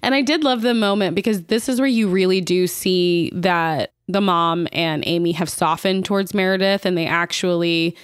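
A woman's voice: on the low side, steady tone, moderate pace, hardly any pauses, clear, resonant tone, dry recording, clean studio sound. A woman co-hosting a podcast, chatting casually and bluntly about a movie, swearing freely and gushing over scenes she loves. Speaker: podcast co-host. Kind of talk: casual movie recap chat.

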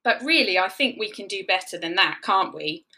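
A woman narrating a children's story, animated and encouraging, leading the listeners in counting. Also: mid-range voice, normal speed.

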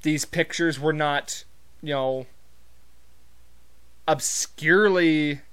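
A man from Montana rambles through a casual story, wry and profane, with plenty of fillers along the way. His voice sits a little high and comes through smooth and resonant. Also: slow, a bit bright.

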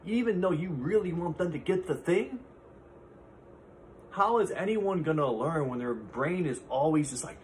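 A man's voice: sits high, lively intonation, measured pace, darkish tone, a little hiss or hum. A man in his thirties hosting a solo podcast, speaking in an earnest, heartfelt way from his own experience. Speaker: podcast host. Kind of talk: reflective solo talk.

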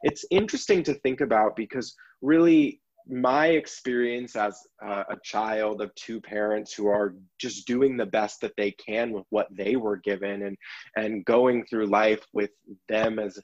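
Man, low voice, earnest and reflective, self-love coach, muffled lo-fi audio. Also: fairly even intonation, measured pace. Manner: earnest, reflective, many restarts. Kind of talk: podcast conversation.

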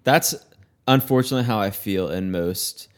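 A man's voice: on the low side, normal speed. A man shares a story in casual conversation. He talks bluntly and with animation, acting out his own lines to the customer. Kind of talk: casual chat.

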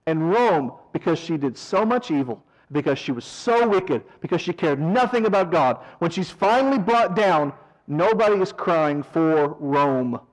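Man, Bible teacher, high voice, animated, sarcastic mockery, verse-by-verse study. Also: a little slow, poor audio. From American South. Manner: animated, swings from loud emphasis to quiet asides; mocks mourners in a whiny voice.

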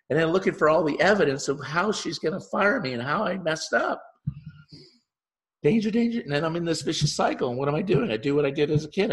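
A man, a relationship therapist, speaking in a podcast monologue, telling an animated story full of asides and repeating key phrases for emphasis. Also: medium pitch.

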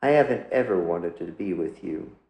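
A man's voice: sits low, lively intonation, moderate pace, echoey room, muffled recording. A man reading as a sullen, resentful boy. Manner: curt and resentful. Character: sullen, angry adolescent boy.

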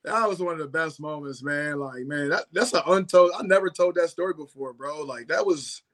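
A young man, a former football player, telling stories in a slangy, animated way, saying "bro" and "yo" constantly. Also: on the high side, normal speed. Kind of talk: casual storytelling chat.

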